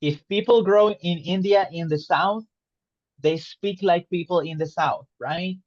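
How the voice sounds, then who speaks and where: A man teaching an online English lesson, explaining slowly and patiently and checking understanding with questions. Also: high voice, no room sound, lo-fi sound. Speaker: English tutor.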